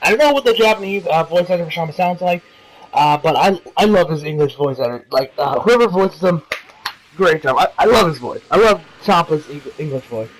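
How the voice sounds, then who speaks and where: A man's voice: on the high side, animated, brisk, a little hiss or hum, rough recording. A man casually reviewing an anime episode, rambling and swearing with lots of fillers. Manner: rambling, profane, many fillers.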